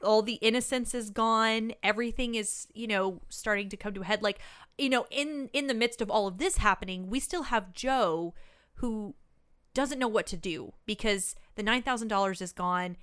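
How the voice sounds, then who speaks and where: A woman's voice: medium pitch, normal speed, clear, resonant tone. A woman co-hosting a podcast, casually recapping a movie and acting out characters' lines as she tells it. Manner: animated storytelling, acts out quoted lines. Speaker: podcast co-host. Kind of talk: casual chat recapping a film.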